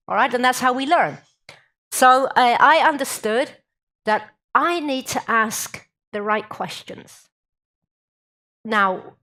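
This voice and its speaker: A woman's voice: on the high side, fairly bright tone. A woman giving a public talk, humorous and drawing the audience in with questions. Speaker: guest speaker.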